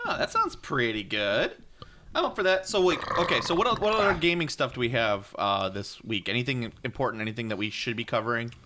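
A man's voice: medium pitch, lively intonation, brisk, noisy background. A man co-hosting a gaming podcast in casual banter, rambling and often laughing. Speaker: podcast co-host.

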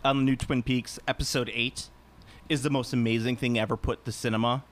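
A man's voice: medium pitch, level tone, a little fast. A man co-hosting a casual, profane chat, joking around and sometimes slipping into silly voices. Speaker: podcast co-host.

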